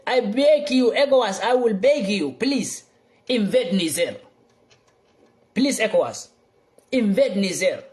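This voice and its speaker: Young guy going off on a political rant, kinda high voice, loud then suddenly quiet, repeats himself a lot. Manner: fervent, swings between loud outbursts and low muttering; repeats lines for emphasis. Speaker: political vlogger. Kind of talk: impassioned political monologue.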